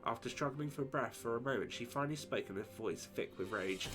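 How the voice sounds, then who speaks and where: Over game music, a streamer with a mid-range voice reads the story text at a slightly quick clip. He keeps the reading steady while tossing casual asides to his chat.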